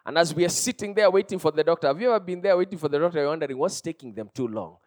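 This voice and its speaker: A Kenyan pastor in his thirties delivers a sermon in a notably high voice. He preaches with passion, rising to loud cries and dropping to hushed storytelling. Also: rapid-fire.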